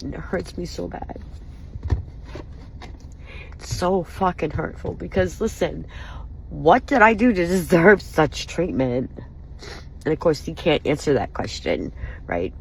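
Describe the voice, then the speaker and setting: A woman's voice: on the low side, lively intonation, measured pace, vocal fry, long pauses, a little hiss or hum, low-quality recording. A woman venting in an angry, wounded and profane way, speaking straight to the camera about personal hurt. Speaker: vlogger. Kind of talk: emotional personal vent.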